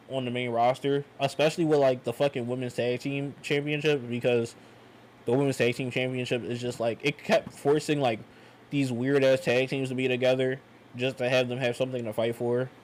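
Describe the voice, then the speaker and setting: A young man giving a loose, slangy, rambling wrestling review, animated and casual. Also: medium pitch, a little fast, slight background noise, poor audio.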